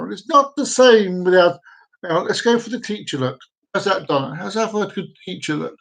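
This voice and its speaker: Host, male, high-pitched voice, chatty and rambling, cracking corny jokes on a home live stream. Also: fairly quick, creaky, fairly bright tone, low-quality recording. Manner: jokey, rambling, repeats himself. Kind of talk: casual live-stream chat. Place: downstairs room at home with dogs.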